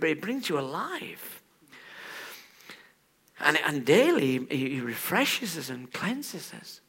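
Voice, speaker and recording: A man preaching a sermon in a church, animated, swinging from hushed asides to loud exclaims. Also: fairly high pitch, breathy edge.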